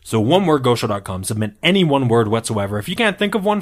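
A man's voice: medium pitch, very animated, fast talker. A man hosting a podcast in casual banter, teasing his co-hosts and laughing often. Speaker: podcast host.

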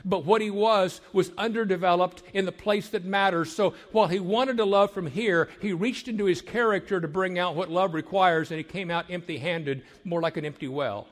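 An older man, a marriage counselor, gives an emphatic sermon-like talk to young people, building repeated phrases and sometimes dropping to a hush. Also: high voice, normal speed, few pauses. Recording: long hall reverb.

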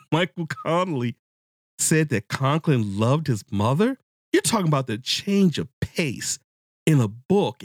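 A man hosting a casual book-discussion podcast, talking to his listeners in a rambling, excitable way and swearing freely. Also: a little high, no room sound, clean studio sound. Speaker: podcast host.

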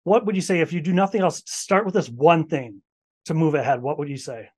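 A man's voice: fairly high pitch, a little fast, a little mellow, husky. Man asking winding interview questions. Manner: thoughtful, long winding questions. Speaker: podcast host.

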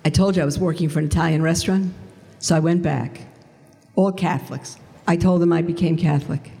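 A woman's voice: deep voice, steady tone, fast, gravelly, warm tone. A woman giving a spoken faith testimony, earnest and reflective, posing questions and answering them herself. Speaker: speaker sharing her conversion story. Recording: long hall reverb.

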